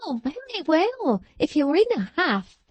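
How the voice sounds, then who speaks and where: A shrill, spiteful young maidservant in a storybook reading, her voice pitched far above ordinary speech and drawn out slowly, as a woman narrator puts her on. She gushes and feigns astonishment, relishing every bit of gossip, with a close, dry sound. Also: sing-song, dry recording. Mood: gossipy, affected. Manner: sniffing, gushing, mock-astonished.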